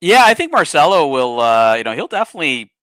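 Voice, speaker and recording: Lively, bright-voiced male stream host. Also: on the high side, fast talker, no echo. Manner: rambling, with many fillers. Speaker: livestream host. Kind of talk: casual chat.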